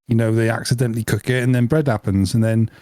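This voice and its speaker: A man's voice: mid-range voice, fairly even intonation, quick pace, mellow, dry recording. A man co-hosting a casual podcast chat, playful and joking. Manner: jokey, playful, laughs often. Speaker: podcast co-host.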